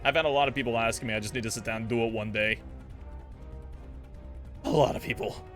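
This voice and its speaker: A man streaming a game, chatting casually and warmly greeting viewers. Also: mid-range voice, fairly even intonation, fast talker, soft background music.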